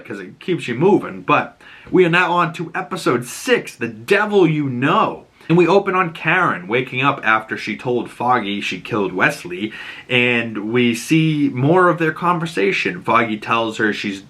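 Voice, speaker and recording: Chatty young guy with a bright voice. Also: mid-range voice, expressive, moderate pace. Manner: chatty, slangy, lots of "you know, like". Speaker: show recap host. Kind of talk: casual recap commentary.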